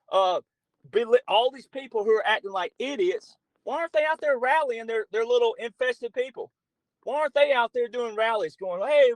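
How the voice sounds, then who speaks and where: A man's voice: very high-pitched, a bit bright, no room sound, rough recording. A middle-aged man talking as a podcast guest, blunt and emphatic, with some profanity. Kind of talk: political talk show conversation.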